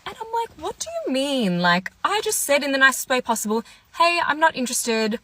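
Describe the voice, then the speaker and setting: A woman's voice: high voice, big pitch swings, a little fast, a bit bright, a little hiss or hum. A young woman telling a dating storytime in a chatty, exasperated way, acting out both sides of the conversation. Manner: chatty, exasperated retelling with quoted dialogue. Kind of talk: casual storytime.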